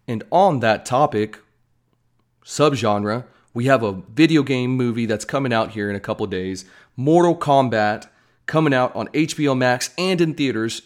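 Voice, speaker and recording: A man giving casual, rambling commentary on upcoming films as a vlogger, with joking asides. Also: mid-range voice. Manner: chatty, rambling, self-deprecating asides. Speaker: movie news vlogger.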